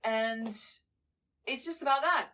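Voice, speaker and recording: A woman's voice: fairly high pitch, takes it slowly, pushed and bright. Young woman book vlogger from Ukraine, casual and chatty, keeps apologizing for her ratings. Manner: chatty, apologetic, many fillers and restarts. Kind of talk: casual reading wrap-up.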